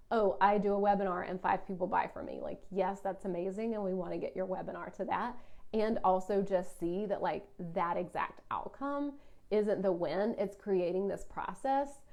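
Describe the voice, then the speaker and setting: A woman's voice: mid-range voice, warm tone. Chatty woman business coach. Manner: chatty, heavy use of "like", puts on a whiny voice for complaints. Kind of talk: casual solo podcast monologue.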